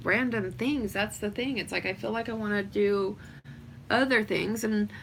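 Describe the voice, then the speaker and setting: A woman's voice: medium pitch, normal speed, creaky, fairly bright tone. A woman talks loosely to viewers on a livestream from her home. She drifts between thoughts with plenty of fillers. A faint background hum sits under her voice. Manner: rambling, many fillers. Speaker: vlogger. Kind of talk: casual livestream chat.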